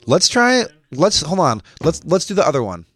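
Co-hosting a laid-back beer-tasting podcast from a studio, this man jokes around with puns and frequent laughter. His fairly high, slightly bright voice swings widely in pitch at a moderate pace, with no echo.

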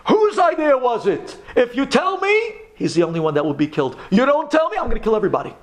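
A man's voice: very high voice, wildly swooping pitch, quick pace, pitched above the performer's own voice, exaggerated voice. A man voicing a cruel pasha who threatens a congregation with mock mercy, in a sermon story. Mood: menacing. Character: cruel middle-aged male pasha, menacing ruler.

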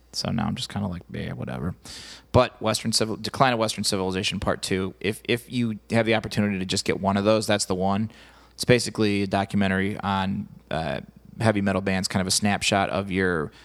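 A man hosting a podcast, telling rambling, profane stories and breaking into loud acted quotes in casual chat. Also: lowish voice, creaky. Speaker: podcast host.

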